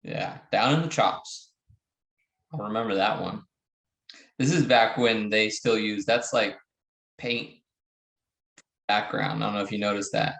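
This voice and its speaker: Jokey male reaction co-host, mid pitch, echoey room. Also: measured pace, vocal fry, pauses often, a bit bright. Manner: jokey, playful. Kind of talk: casual reaction chat.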